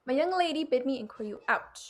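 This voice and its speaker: A woman's voice: high voice, expressive, quick pace. A woman playing a chatty, fussy old nurse with a teasing, giggling manner in a video-call reading. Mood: bantering. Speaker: actor. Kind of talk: virtual staged reading.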